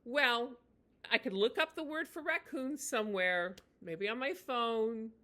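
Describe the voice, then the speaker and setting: A woman teaching in a chatty, unscripted way, with many fillers and restarts, slowing down to model phrases. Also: on the high side, bright, forceful tone. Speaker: language teacher. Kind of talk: casual spoken lesson.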